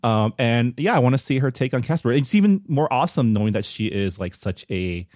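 A man's voice: mid-range voice, lively intonation, fairly quick, darkish tone, no room sound, clean studio sound. A man co-hosting a casual entertainment chat, easygoing and laid-back. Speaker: podcast co-host.

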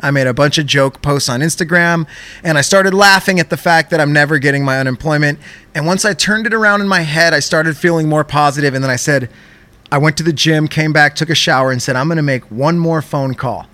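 Animated, profane male podcast co-host. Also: fairly high pitch, a little fast, dry recording. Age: young adult. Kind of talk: casual podcast storytelling.

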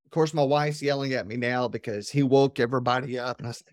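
Brief: male podcast guest, lively and emphatic storyteller, mid-pitched voice, dry close recording. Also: fast, dry recording. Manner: energetic, emphatic, often adds "right?". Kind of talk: animated storytelling in conversation.

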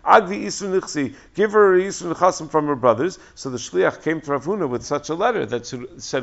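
Male Talmud teacher, fairly high and gravelly, lively storyteller, dull lo-fi sound. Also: fast, hardly any pauses. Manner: animated storytelling, acting out dialogue, frequent fillers. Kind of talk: Talmud lecture. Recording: dull lo-fi recording.

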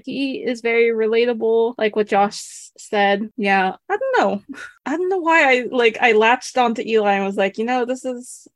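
A woman's voice: fairly high pitch, animated, moderate pace, no echo. A young woman co-hosting a podcast, chatting casually and laughing often as she talks. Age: young adult. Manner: giggly, playful, laughs mid-sentence. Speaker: podcast co-host. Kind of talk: casual chat.

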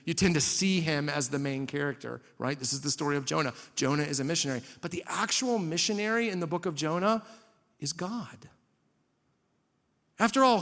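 High-voiced preacher in a big reverberant hall. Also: male voice, fairly bright tone. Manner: conversational preaching with rhetorical questions and humor. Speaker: pastor. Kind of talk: sermon.

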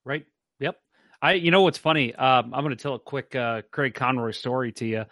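A young adult man hosting a casual sports podcast, telling anecdotes in an animated way. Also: medium pitch, moderate pace, dry recording, studio quality. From St. Louis, USA. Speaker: podcast host.

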